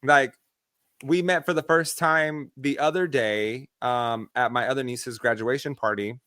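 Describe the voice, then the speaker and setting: A man co-hosting a podcast, chatting casually and telling animated stories with acted-out voices. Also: mid-range voice, a little slow, dry recording, studio quality. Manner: animated storyteller acting out voices. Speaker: podcast co-host. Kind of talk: casual chat.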